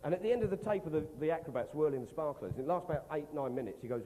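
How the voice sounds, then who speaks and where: Male stand-up, fairly high and very lively pitch, mellow tone, sweary and mocking, with stage reverb. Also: rapid-fire, few pauses, slight background noise. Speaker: comedian. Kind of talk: stand-up comedy storytelling. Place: live comedy venue. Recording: reverberant live stage recording.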